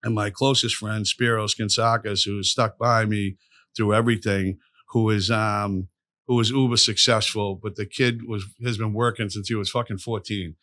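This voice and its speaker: A man's voice: on the low side, normal speed, no room sound, clean studio sound. A man telling rambling, profane stories as a podcast guest. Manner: profane, rambling, animated storyteller. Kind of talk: storytelling in a casual interview.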